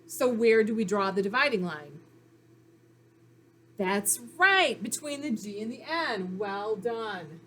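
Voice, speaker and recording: A woman with a medium-pitched, sing-song voice speaks slowly and fairly brightly as she teaches young children phonics. She sounds out letters and syllables patiently and encouragingly in this recorded reading lesson, with slight background noise audible.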